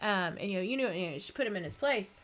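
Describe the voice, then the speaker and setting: Bright-voiced Texan woman, rambling chat. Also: medium pitch, animated, fast. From East Texas. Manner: rambling, self-mocking, laughs often. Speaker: streamer reading viewer comments. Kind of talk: casual chat.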